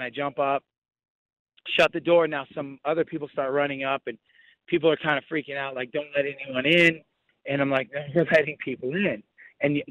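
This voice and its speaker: A young man calling in by phone, retelling a frightening night in halting, restart-filled speech. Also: fairly high pitch, fairly bright tone, dry recording. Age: young adult. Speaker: phone-in guest. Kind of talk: emotional first-hand account. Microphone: phone call. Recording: muffled phone line.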